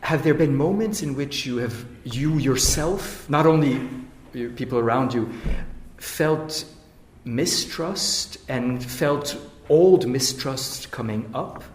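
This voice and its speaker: A man's voice: medium pitch, slow pace, reverberant, a little hiss or hum. A man moderating a panel, asking probing questions in a hesitant way.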